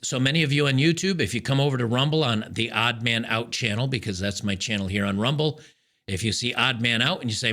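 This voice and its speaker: A man talks to his viewers in a loose solo commentary, his voice bright and a little forceful. He sounds fed up and keeps stopping to restart his sentences, but the delivery stays casual, like an ongoing rant. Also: mid-range voice, a little fast. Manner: frustrated, ranting, many restarts. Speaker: podcast host.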